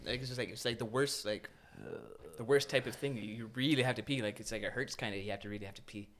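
A young man telling a story casually on a podcast, animated and laughing as he acts out moments. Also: medium pitch, quick pace.

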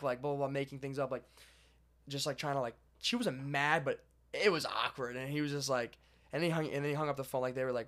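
A young man casually telling a long story to a friend, animated and swearing as he goes. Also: medium pitch, quick pace. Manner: animated, swearing, lively retelling.

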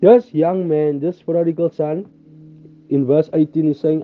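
A man preaching a sermon, reading scripture aloud and explaining it, repeating and restarting phrases and slowing down on key words. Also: a little high, steady tone. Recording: dull lo-fi sound with faint music behind.

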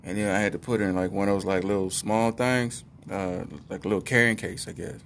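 A man's voice: low voice, steady tone, a little fast, creaky, slight background noise. A middle-aged man telling a comic personal story in a rambling, conversational way with lots of asides.

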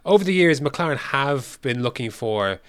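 A man's voice: mid-range voice, animated, moderate pace, clean tone, dry recording, studio quality. A man co-hosting a podcast, talking in a loose, casual way. He rambles through his points with plenty of fillers and restarts, in a mid-range voice. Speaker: podcast co-host. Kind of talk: casual chat.

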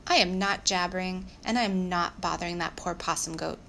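A woman's voice: fairly low pitch, fairly quick, gravelly, a little hiss or hum. Woman doing a blunt scruffy girl. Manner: flat, blunt, matter-of-fact.

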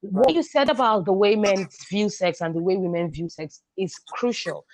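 A woman educator explaining her ideas in a measured, emphatic way on a podcast. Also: mid-range voice, no echo. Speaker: guest, sexual and reproductive health educator. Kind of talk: podcast conversation.

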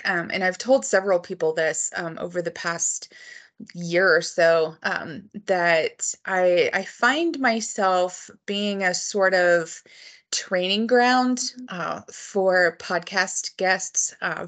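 A woman's voice: fairly low pitch, fairly bright tone. A woman hosting a book podcast, chatting casually with frequent ums and restarts. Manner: chatty, hesitant with many ums. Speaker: podcast host. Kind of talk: casual interview chat.

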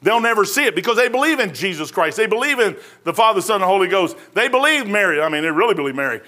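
A man preaching a sermon from the pulpit. His voice sits high and sounds bright and forward. He talks in a folksy, conversational way, full of slang and quick asides. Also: very animated. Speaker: pastor.

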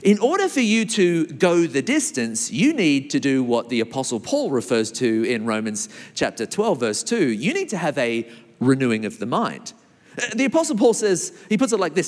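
Animated male preacher in a reverberant hall. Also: moderate pace. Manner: lively, animated preaching with big pitch swings. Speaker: pastor. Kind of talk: sermon.

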